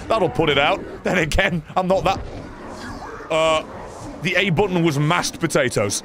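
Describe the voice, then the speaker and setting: A man giving excitable, sarcastic commentary over his own gameplay, often swearing. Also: a little high, moderate pace, noisy background. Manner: excitable, sarcastic, swearing, frequent yelps and laughs. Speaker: gaming channel host.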